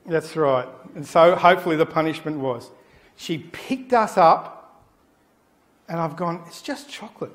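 A middle-aged man, a pastor preaching a sermon and telling an anecdote with animated storytelling. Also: a little high, unhurried, pauses often. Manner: animated storytelling, acting out the people in his anecdote. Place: church.

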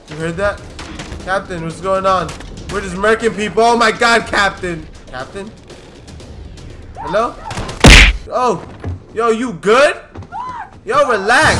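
Gaming YouTuber man, high bright voice, loud jokey commentary over faint game music. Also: measured pace. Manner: jokey, yelling, swearing, mock-scared. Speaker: gaming YouTuber playing a shooter campaign. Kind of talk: loud excitable gameplay commentary.

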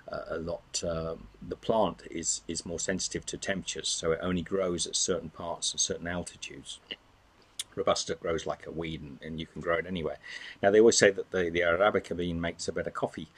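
A man from England with an English accent softened by years in Australia, hosting a casual livestream and answering viewers in a rambling, halting way. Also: low voice, breathy edge. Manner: rambling, halting, many restarts and fillers. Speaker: livestream host.

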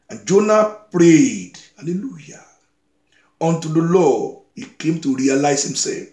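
A man's voice: medium pitch, a little mellow, roomy sound. A man preaching a sermon, reading scripture aloud and exhorting his listeners with repeated phrases.

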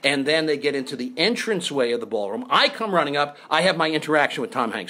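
Animated man telling a comic story. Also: a little high, fast talker, few pauses, slight background noise. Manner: animated, acts out voices in his stories. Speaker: comedian host.

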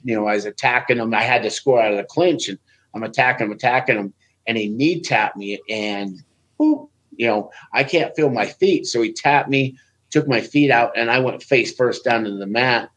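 A man's voice: medium pitch, moderate pace, low-quality recording. A man, a former Olympic wrestler guest on a podcast, telling stories casually and acting out what people said in a raised voice. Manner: animated, acts out quoted speech in a raised voice.

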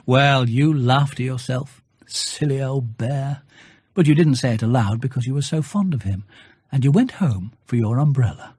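An audiobook reader narrating a children's storybook aloud, gently, with hushed asides. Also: medium pitch, normal speed, husky, no echo, clean studio sound.

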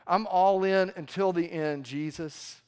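A man's voice: high voice, measured pace, a little mellow, clear, resonant tone. A man preaching, voicing an impulsive, loyal male disciple who insists he will stand firm. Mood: insistent. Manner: insistent, emphatic protests.

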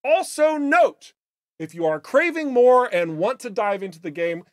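A game studio host chatting casually on a livestream, playful and upbeat with jokey asides. The voice is a little raspy today. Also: mid-range voice, big pitch swings, moderate pace, dry recording. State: slightly raspy voice.

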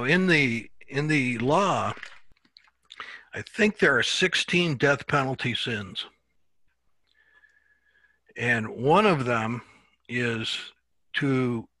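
A man teaching a Bible class in a relaxed, halting way, often repeating words as he thinks. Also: mid-range voice, no room sound.

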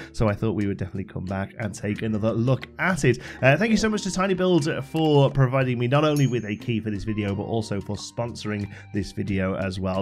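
A man hosting a game channel, giving chatty playthrough commentary and thinking aloud as he plays. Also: mid-range voice.

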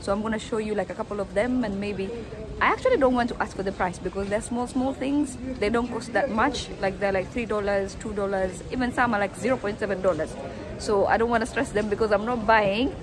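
Walking through an outdoor street market, a vlogger with a brisk, mid-range voice shows off shops to her handheld camera, chatting casually and tossing in lots of "like." Crowd noise, street ambience, and traffic come through loudly on the phone recording.

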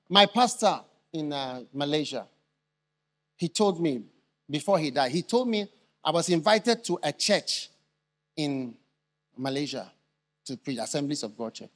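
An older man preaches to a packed church, throwing questions to the crowd so they answer back. His voice sits high and bright, and it leaps up and down as he drives each point home, breaking into shouts. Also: lively intonation, a little slow, pauses often. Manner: call-and-response questions to the congregation; bursts into shouted emphasis. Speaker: bishop preaching. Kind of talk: live church sermon. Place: large church.

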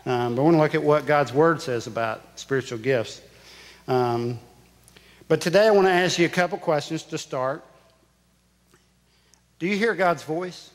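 A man's voice: a little high, a little slow. A male pastor preaching a sermon, telling a personal story with emphatic repetition. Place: church sanctuary. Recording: church sanctuary with long reverb.

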